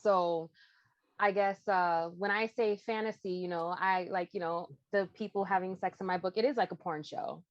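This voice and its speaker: A woman's voice: lowish voice, fairly even intonation, normal speed, dry recording, lo-fi sound. A woman romance author on a podcast panel, speaking frankly and plainly. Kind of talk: casual panel chat.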